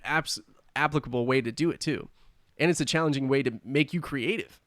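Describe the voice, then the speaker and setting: A man's voice: medium pitch, fairly quick, no room sound, clean studio sound. A man hosting a casual podcast interview, summing up points and asking questions. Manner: relaxed, summarizing and asking questions. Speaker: podcast host.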